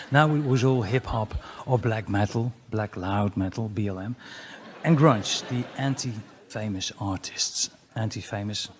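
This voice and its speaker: Lively Dutch-accented male comic. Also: slight background noise. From Netherlands. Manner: crude, mocking, jumps to loud high-pitched exclamations. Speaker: comedian. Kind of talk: stand-up comedy routine.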